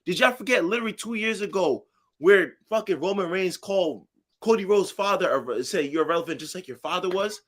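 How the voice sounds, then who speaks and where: Male podcast co-host, higher voice, heated and profane. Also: animated, brisk, fairly bright tone. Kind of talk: casual chat.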